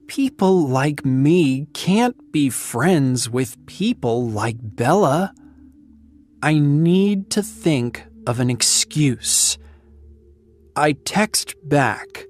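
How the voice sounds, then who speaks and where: A woman narrating a story in first person, reading slowly and clearly for language learners. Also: low voice, lively intonation, soft background music.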